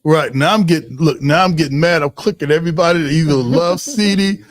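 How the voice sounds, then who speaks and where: A man's voice: on the high side, brisk, no room sound. Host, male, easygoing livestream chat, loose and rambling, dry close sound. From Ohio. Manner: loose and joking, many fillers and restarts. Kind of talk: casual livestream chat, reading viewer comments.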